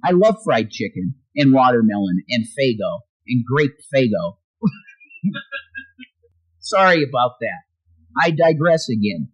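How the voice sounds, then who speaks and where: On a rough recording, a livestream host rants furiously with nonstop profanity, his volume rising and falling. His voice is mid-range and breathy-edged, very animated yet slow, with frequent pauses.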